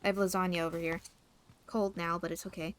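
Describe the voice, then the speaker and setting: A woman's voice: lowish voice, level tone, fast, background noise. A woman streaming a video game live, chatting casually and goofily, mocking herself and talking back to the characters. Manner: goofy, self-mocking, talks back to characters. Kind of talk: casual live gameplay commentary. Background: game music.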